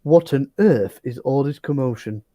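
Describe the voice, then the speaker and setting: A man's voice: medium pitch, normal speed, muffled recording, lightly acted. A man voicing a scolding male townmaster in a tabletop game. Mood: stern. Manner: scolding, demanding answers. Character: stern male townmaster, woken at night.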